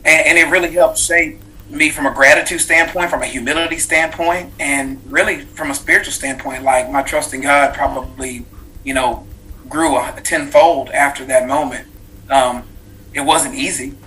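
A man in his thirties recounts a life-changing personal story as an interview guest. His voice sounds bright and forward. He talks earnestly and reflectively, full of fillers and restarts. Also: medium pitch, fairly even intonation, normal speed, rough recording. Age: 30s. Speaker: guest, author.

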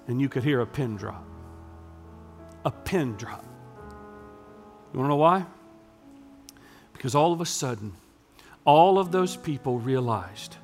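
Delivering a sermon, this pastor's voice sits on the high side. He tells a story that swings from quiet, hushed passages to loud crescendos.

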